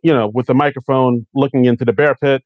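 A man's voice: mid-range voice, steady tone, fast talker, no echo, narrow, tinny audio. A man co-hosting a casual podcast, recapping a comedy movie in a laid-back, wry way and laughing often. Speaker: podcast co-host.

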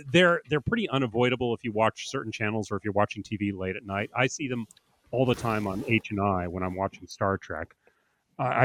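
A man co-hosting a podcast, chatting casually about comedy sketches and laughing often as he acts out lines. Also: medium pitch. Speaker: podcast co-host.

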